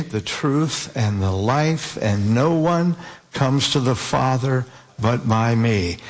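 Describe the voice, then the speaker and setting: A man preaching a sermon, slowing down to stress scripture quotes and repeated words. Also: mid-range voice.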